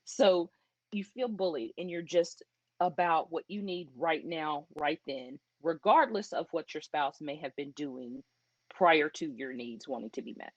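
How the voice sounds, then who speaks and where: A woman speaking at a church event about marriage communication, talking conversationally and acting out quoted spouses in lively asides. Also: sits low, unhurried, no room sound, lo-fi sound.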